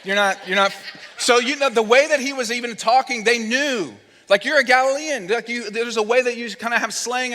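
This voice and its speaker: A man preaching a sermon in a church, his voice sitting a little high for a man. He tells the story with life, putting on the voices of the people in it, then drops low and quiet when the point turns serious. A long hall reverb trails after his words. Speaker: pastor. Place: church sanctuary.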